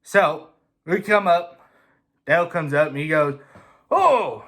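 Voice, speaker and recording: A man telling a casual, swear-filled story in an animated way. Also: fairly high pitch, a little slow. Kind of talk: casual anecdote.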